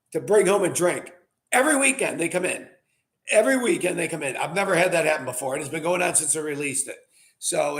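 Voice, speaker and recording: This middle-aged winery owner hosts his own wine show, and his fairly high voice has a gravelly edge. Before a casual tasting he tells a rambling, chatty story packed with fillers and asides.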